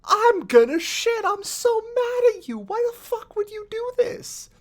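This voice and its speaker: A disembodied male schemer who screeches in a squealing, near-cracking voice, hugely animated. He curses and pleads at a manic pitch. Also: unhurried, exaggerated voice. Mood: shrieking rage. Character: frantic disembodied male schemer, shrieking and gleeful then furious.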